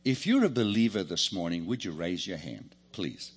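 A man's voice: low voice, normal speed, slightly rough. A man preaching a sermon, joking and calling on the congregation to answer back. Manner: lively, joking, calls on the congregation. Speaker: pastor.

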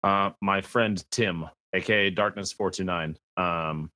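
A man, a guest streamer on a gaming podcast, telling animated stories and acting out quotes. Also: deep voice, a little slow, no room sound. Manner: animated storyteller, acts out quotes. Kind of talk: podcast conversation.

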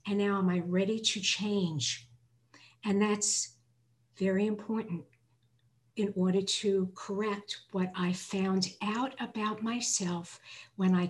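Earnest reflective woman sharing recovery work. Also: mid-range voice. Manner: earnest and reflective, reading lists aloud from her notes. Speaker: twelve-step program member sharing her step work. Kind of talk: personal recovery share.

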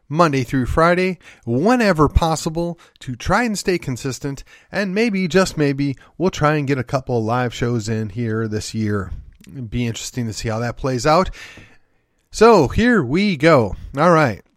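A man's voice: medium pitch, normal speed, dry recording, clean studio sound. A man from Wisconsin hosting his own podcast, delivering an opinionated political monologue in a folksy, emphatic, sardonic way. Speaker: podcast host.

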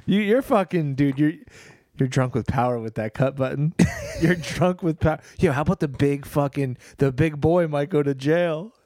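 A man co-hosting a podcast in casual banter, curious and quick to laugh. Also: a little high, no room sound, studio quality. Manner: lively, curious, laughs often. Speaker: podcast co-host.

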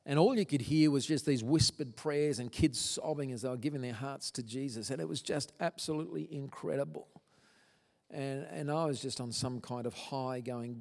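A middle-aged man appears as a guest speaker, giving an earnest, emotional testimony to a church audience with stumbling restarts. His medium-pitched voice is steady and darkish at a moderate pace, with long hall reverb on the recording.

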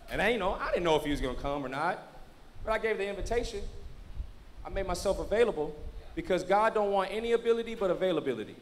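Man, pastor, storytelling sermon, high-pitched voice, acts out the dialogue. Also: lively intonation, brisk. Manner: tells a story, acting out both sides of the talk; preaching exhortations.

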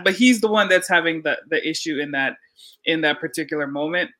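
A male host in a casual conversation, reacting with enthusiasm. His speech is rapid and his voice bright, sitting a little high for a man.

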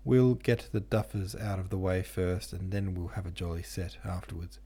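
A man's voice: sits low, normal speed, dark tone, breathy edge. A man voicing an awkward, polite young man in an audiobook reading. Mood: conspiratorial. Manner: polite, apologetic.

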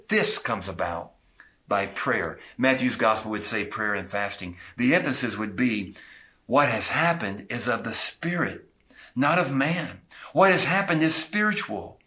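Male pastor, earnest expository preacher, bright voice, middle pitch, occasional restarts. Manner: earnest preaching, paraphrases scripture with asides and small restarts. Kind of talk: expository sermon.

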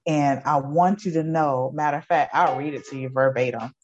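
A woman's voice: deep voice, moderate pace, a little mellow, muffled recording. A woman in her forties, an educator, giving an emotional personal testimony in an earnest, repetitive storytelling way. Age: 40s. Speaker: guest, educator.

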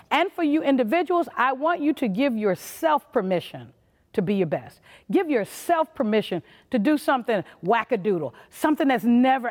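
Emphatic woman speaking in a reverberant hall. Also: medium pitch. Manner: emphatic, punchy, acts out little quoted voices. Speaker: motivational conference speaker. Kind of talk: motivational leadership talk.

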